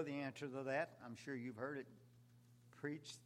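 Man preaching with sudden loud swells. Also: mid-range voice, fairly even intonation, moderate pace. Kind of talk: sermon.

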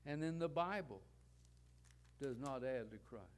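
A man's voice: mid-range voice, animated, a little slow. A man preaching a sermon, building points with rhetorical questions and repeated parallel phrases.

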